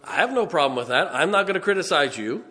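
A man, preaching a sermon in a folksy storytelling way, with punchy asides and slow, stressed points. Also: a little high, sing-song, sharp tone. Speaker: pastor. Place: church sanctuary. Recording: long church reverb.

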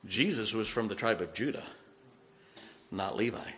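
A man preaching a sermon with fervor, repeating lines for emphasis and swinging from quiet to loud. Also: fairly low pitch, moderate pace, slight background noise. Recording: long hall reverb.

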